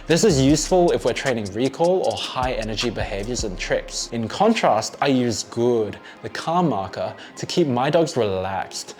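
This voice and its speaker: A man narrating a scripted dog-training lesson in a clear, friendly teaching tone. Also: medium pitch, animated, normal speed, few pauses, darkish tone, soft background music.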